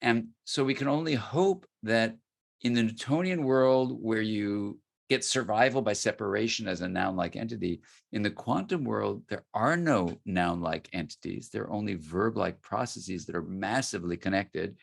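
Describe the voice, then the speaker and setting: A man from the United States, a guest expert, telling a story in an interview answer, soft-spoken and dropping nearly to a murmur. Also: on the low side, normal speed, gravelly.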